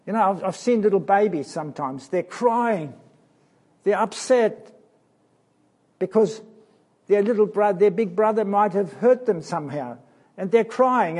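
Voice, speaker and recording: Guy giving a kids sermon, mellow tone, takes it slow, lots of questions. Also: high-pitched. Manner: slow and emphatic, asks questions of listeners. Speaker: preacher. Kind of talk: sermon to children.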